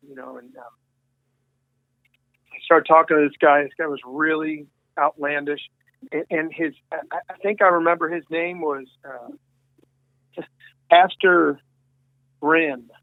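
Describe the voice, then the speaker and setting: Male interview guest, rambling storyteller, dry phone-line audio, slightly higher voice. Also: steady tone, a little slow, vocal fry, pauses often, dry recording. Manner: rambling, many restarts and quoted dialogue. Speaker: guest musician.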